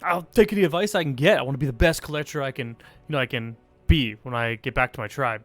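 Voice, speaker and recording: A man voicing an excitable young male archer in training who stammers and rushes his words. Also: medium pitch, dry recording, faint music behind, natural voice. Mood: eager. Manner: excitable, stammering, talks fast.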